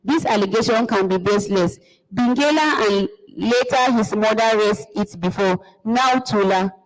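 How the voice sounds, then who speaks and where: A woman's voice: mid-range voice, normal speed, close to an everyday voice. A woman reading a play aloud, voicing a young man who pleads insistently with his father. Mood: pleading. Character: young man demanding to know his mother. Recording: long hall reverb.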